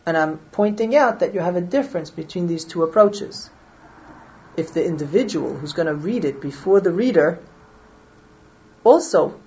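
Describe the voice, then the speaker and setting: A woman's voice: on the low side, a little mellow, lo-fi sound. A woman teaching a lesson on Jewish law, reasoning aloud step by step and checking that her listeners follow. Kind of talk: explanatory lecture on Jewish law.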